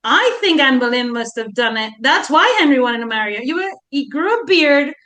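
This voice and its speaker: A chatty woman with a fairly high voice talks casually on a history podcast. She tells stories and often slips into voices for historical figures. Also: animated, fairly quick, a bit bright. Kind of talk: casual chat.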